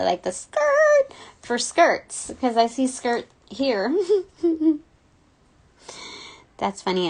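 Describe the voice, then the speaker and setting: Woman doing a loose spiritual reading, slow talker, bit of vocal fry, lots of ums and giggles. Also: fairly high pitch. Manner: rambling, many ums and likes, giggly. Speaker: spiritual reader. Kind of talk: casual intuitive reading monologue.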